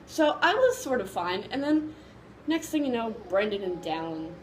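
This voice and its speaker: A woman vlogger casually telling a story to camera, excited and gushing, rambling with lots of fillers. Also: on the high side, moderate pace, slight background noise, poor audio.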